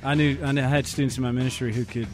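A man co-hosting a morning radio show, chiming in with relaxed banter. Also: mid-range voice, very fast, soft background music.

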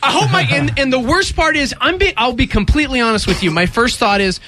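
A young man hosting a radio talk show, telling a story in casual chat, animated and acting out voices in quotes. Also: extremely high pitch, raised voice. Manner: animated, acts out voices in quotes, quick bursts. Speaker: radio station host.

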